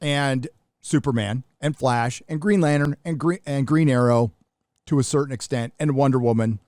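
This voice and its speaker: A middle-aged American man hosts a live show, offering casual livestream commentary that is blunt, profane and full of restarts. His mid-range voice is a little mellow at a moderate pace, recorded in clean, dry studio sound.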